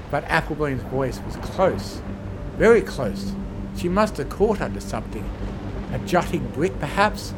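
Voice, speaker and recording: A man reading a horror fan fiction story aloud with measured, dramatic storytelling. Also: sits high, noisy background.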